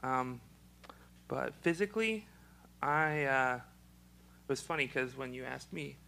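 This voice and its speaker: Young man, gravelly choked voice, bright tone, halting with many ums. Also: on the high side, a little hiss or hum, rough recording. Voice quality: choked, froggy-sounding voice. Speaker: interviewee; special education teacher. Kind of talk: casual personal testimony.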